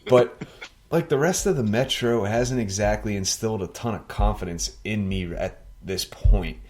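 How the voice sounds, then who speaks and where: A man co-hosting a casual sports podcast, talking in an animated, joking way. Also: fairly low pitch, normal speed.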